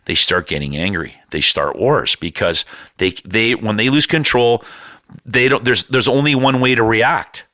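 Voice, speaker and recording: A man's voice: lowish voice, normal speed, pushed and bright, no room sound, studio quality. A man co-hosting a podcast, talking in a rambling, loose way, swearing freely and drifting off into humming. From Canada. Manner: rambling, swearing, hums and breaks into bits of song. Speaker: podcast co-host. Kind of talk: rambling casual chat.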